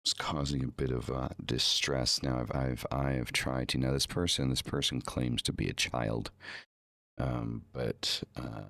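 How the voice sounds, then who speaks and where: A man's voice: a bass voice, flat delivery, measured pace, gravelly, fairly bright tone, dry recording. A man hosting his own live podcast, chatting casually and rambling with many fillers and repeated words, using a home streaming mic. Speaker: podcast host.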